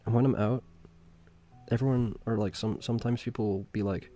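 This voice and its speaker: A man's voice: mid-range voice, fairly even intonation, a little fast, dark tone, soft background music. A man streaming as he draws, chatting casually in a rambling way with chuckling asides. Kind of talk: casual chat while drawing.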